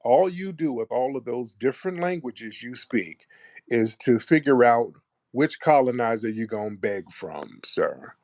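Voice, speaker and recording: A man's voice: mid-range voice, expressive, measured pace, darkish tone, no echo, studio quality. A man hosting a call-in show, talking in a mocking, combative way with callers. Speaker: host.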